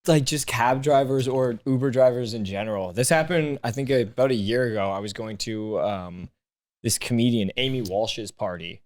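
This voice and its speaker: A man's voice: mid-range voice, moderate pace, a little mellow. A man, a comedian guest on a podcast, casually telling a story, swearing freely, laughing and acting out the people he quotes.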